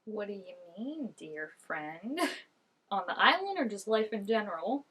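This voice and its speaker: A woman's voice: medium pitch, big pitch swings, a little slow, fairly bright tone, husky. A woman chatting and giggling through a TV episode, talking back to the characters on screen. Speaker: vlogger reacting to a TV episode. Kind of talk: casual reaction commentary.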